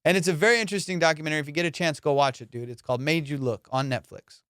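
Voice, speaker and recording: A man hosting a comedy podcast, ranting in a casual, profane, animated way and slipping into mock voices. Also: on the high side, racing, clear, resonant tone, no echo, studio quality. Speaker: podcast host.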